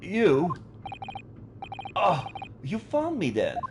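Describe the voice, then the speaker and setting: A man doing a high, panicky young man. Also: huge pitch swings, extremely slow, background noise, full character voice. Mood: panicked. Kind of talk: dubbing a game live.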